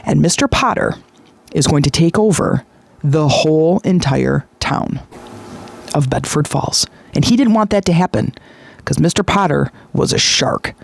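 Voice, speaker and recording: A man hosting a podcast, retelling a story in a lively, chatty way with frequent fillers. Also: fairly high pitch, measured pace, gravelly, dry recording. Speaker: podcast host. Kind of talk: casual storytelling monologue.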